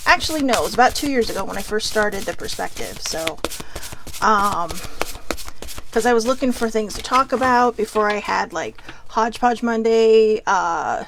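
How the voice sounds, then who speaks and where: A woman's voice: medium pitch, lively intonation, normal speed, noisy background. A middle-aged woman hosting a casual chat show, reading from card decks as she goes, chatty and laughing, swearing freely. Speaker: host.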